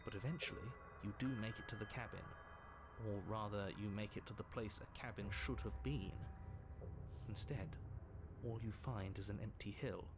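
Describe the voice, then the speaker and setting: A man's voice: fairly low pitch, steady tone, moderate pace, background noise, lightly acted. An actor playing a disembodied male game narrator and the hero's anxious inner voices, speaking with urgent, searching shifts of tone. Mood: narrating.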